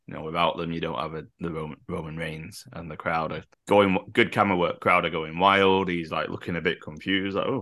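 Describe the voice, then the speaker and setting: A man's voice: deep voice, pushed and bright. A man co-hosting a casual podcast chat, animatedly retelling a wrestling show and acting out the quotes. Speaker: podcast co-host.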